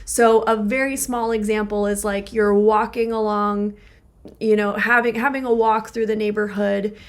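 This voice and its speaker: A woman's voice: mid-range voice, little pitch movement, normal speed. A woman co-hosting a relationship podcast as a therapist, explaining ideas through everyday examples with lots of filler words. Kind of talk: casual podcast conversation.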